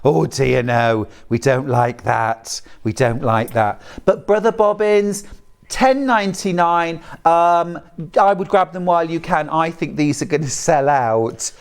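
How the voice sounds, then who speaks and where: A man with a British accent presenting on a live shopping channel, chatty and jokey, reading out viewer messages between product pitches. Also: unhurried, creaky, clear, resonant tone.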